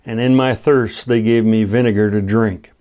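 A man preaching a sermon, teaching through a Bible passage in a measured, deliberate way and quoting scripture. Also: fairly low pitch, fairly even intonation, mellow, muffled recording. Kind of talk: expository sermon.

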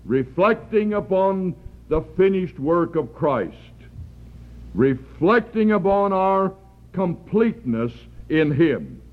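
A man preaching a sermon, earnest and deliberate, lifting his voice for emphasis. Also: high-pitched, big pitch swings. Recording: tinny phone-like archival recording.

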